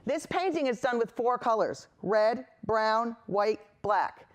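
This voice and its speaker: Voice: mid-range voice, animated, slow. A painting instructor hosting a chatty on-camera lesson indoors, reassuring viewers and drifting into rambling personal asides between steps.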